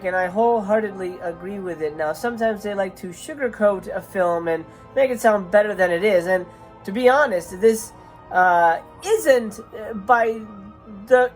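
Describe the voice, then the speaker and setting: A woman hosting a horror movie review, her pitch sitting right in the middle of the range. She speaks casually and chattily, often stumbling over uh and um as she gathers her thoughts. Soft music plays faintly underneath. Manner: chatty, hesitant, many uh fillers. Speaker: movie reviewer and channel host.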